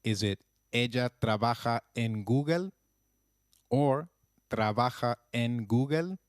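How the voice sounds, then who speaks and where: A man narrating a scripted language lesson in an even teaching voice, slowing down to model phrases. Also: mid-range voice, clear, resonant tone, dry recording, clean studio sound.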